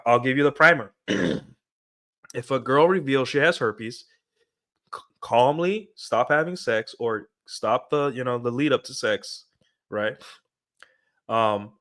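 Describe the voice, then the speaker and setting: Brief: young male streamer, mid-pitched, loose rambling monologue with lots of fillers, addressing viewers. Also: bright, forceful tone. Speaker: streamer giving dating advice. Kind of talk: casual livestream monologue.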